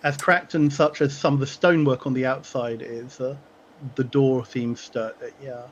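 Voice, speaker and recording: A man narrating as game master for a tabletop game, halting and full of fillers. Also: medium pitch, steady tone, lo-fi sound, a little hiss or hum.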